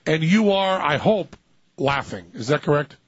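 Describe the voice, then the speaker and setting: A man's voice: on the high side, animated, unhurried, dry recording, highs cut off. A male radio host who banters with callers in a theatrical, teasing manner, urging them on with eager interjections.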